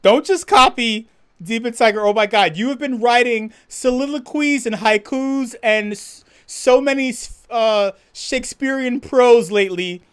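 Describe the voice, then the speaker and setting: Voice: mid-range voice, measured pace, clean tone. A livestream host chatting casually, reading viewer comments and ranting with lots of swearing and laughter. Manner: profane, laughing, animated rant.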